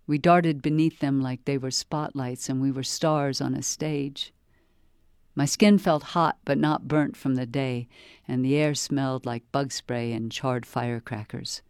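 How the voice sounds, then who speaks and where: A reader calmly delivering a wry first-person novel excerpt for a library promotion. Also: medium pitch, clear, resonant tone, no room sound, studio quality. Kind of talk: scripted first-person audiobook-style reading.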